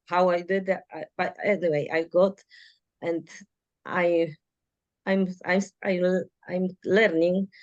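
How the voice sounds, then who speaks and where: A woman with a Polish accent, a native Polish speaker, sharing course feedback in halting, shy English. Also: fairly low pitch, a little mellow, no echo, muffled recording. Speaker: course participant.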